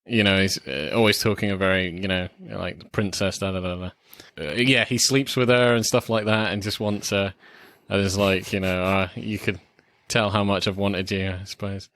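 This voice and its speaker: A man co-hosting a casual film podcast, talking haltingly with many fillers. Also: low-pitched, fairly even intonation, fairly bright tone, no echo. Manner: halting, lots of fillers and swearing. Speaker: podcast co-host. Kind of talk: casual film review chat.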